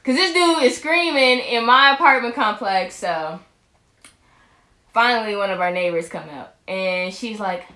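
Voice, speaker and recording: A woman's voice: medium pitch, unhurried, bright, forceful tone. A young woman, a vlog co-host, rambling casually through a storytime with lots of restarts. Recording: roomy echo.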